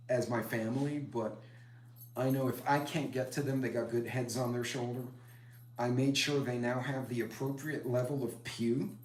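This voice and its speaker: In an echoey room with a little hiss or hum, a middle-aged preparedness live-stream host rambles casually and greets his commenters. His voice is mid-range with a darkish tone.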